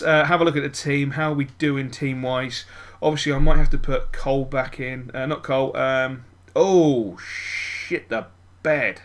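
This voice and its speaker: A man commentating his own football video game, muttering over plans and then yelling and swearing at the match. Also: on the high side. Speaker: gaming YouTuber. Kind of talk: let's-play commentary.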